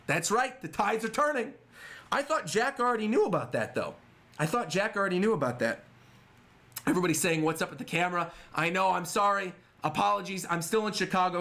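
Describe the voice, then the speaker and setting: Lively high-voiced man reacting on stream. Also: brisk. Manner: animated, reads panels aloud and chats to viewers. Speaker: streamer reacting to a manga chapter. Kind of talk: casual livestream reaction. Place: temporary room away from home. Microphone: webcam setup.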